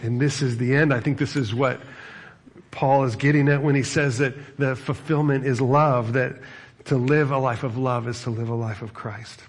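A middle-aged man preaching as a pastor, talking in a conversational, animated way with frequent asides. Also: mid-range voice, normal speed. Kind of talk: sermon.

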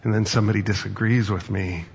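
A man's voice: fairly low pitch, fairly even intonation, quick pace, gravelly, a little mellow, slightly rough, muffled recording. A man preaching a sermon, reading scripture and then talking conversationally with anecdotes and fillers. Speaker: pastor.

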